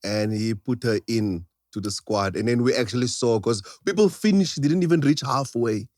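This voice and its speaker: A man chatting on a podcast, running through what happened and laughing along at it. His voice is mid-pitched, and the studio sound is dry and close. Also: moderate pace, darkish tone, dry recording. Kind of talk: casual chat.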